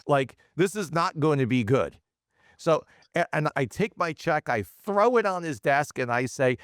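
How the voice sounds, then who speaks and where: Animated man telling a story. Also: fairly high pitch, a little slow, dry recording, studio quality. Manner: animated, acts out quotes. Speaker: podcast guest, automotive CEO. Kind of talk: storytelling in casual interview.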